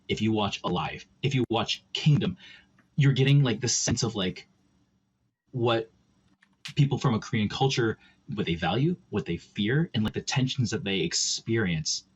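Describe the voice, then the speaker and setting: A man with a low, husky voice hosts an online panel in a loose, rambling way, dropping "like" often. His audio comes through dull and lo-fi. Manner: casual, rambling, full of "like". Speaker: panel host.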